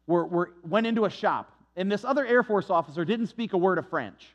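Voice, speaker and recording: High-voiced male preacher, lo-fi. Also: animated, fairly quick. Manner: conversational storytelling with frequent restarts. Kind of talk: sermon with Bible reading and personal story. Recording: dull lo-fi recording.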